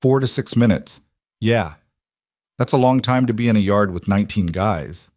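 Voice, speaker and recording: A man's voice: fairly low pitch, normal speed, a little mellow, lightly acted. A man voicing a loyal, hot-tempered henchman who speaks bluntly and pleads with his boss in an audiobook-style story. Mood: pleading. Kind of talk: audiobook character voice.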